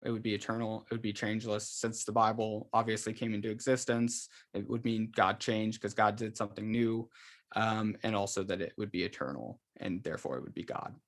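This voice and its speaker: A man's voice: on the low side, fairly even intonation, a little fast. A man, a guest author, explaining a theological argument in casual conversation, hesitant with many fillers and restarts.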